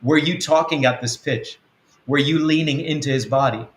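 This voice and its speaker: A man acting out a hurt husband who calmly presses his wife with pointed questions, in an echoey room. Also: a little high, moderate pace, close to an everyday voice. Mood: hurt, probing.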